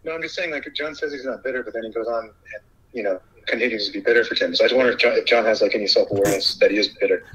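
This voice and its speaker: A man calling in to a radio show, talking quickly with hesitant fillers over a lo-fi phone line. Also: lowish voice, fairly bright tone, slightly rough. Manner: rapid, hesitant, filler-heavy. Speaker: caller. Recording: lo-fi phone call.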